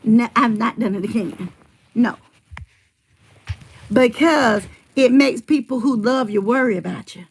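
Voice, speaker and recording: A woman's voice: on the high side, measured pace, pauses often, slightly rough. A middle-aged woman rambling in casual livestream chat, telling family stories and answering her viewers' comments.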